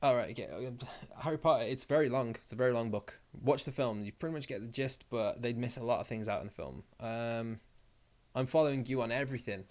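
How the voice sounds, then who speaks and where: A man's voice: mid-range voice, quick pace, darkish tone. A young man hosting a casual live stream. He reads viewer comments aloud and rambles through his replies with jokey asides.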